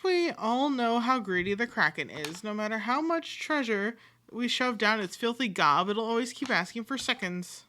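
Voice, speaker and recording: A woman's voice: a little high, expressive, normal speed, pushed and bright, slight background noise. A woman streamer reading game dialogue aloud, playfully switching voices and accents for each part. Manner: reads every part aloud, switching voices and accents, sometimes with pirate flourishes.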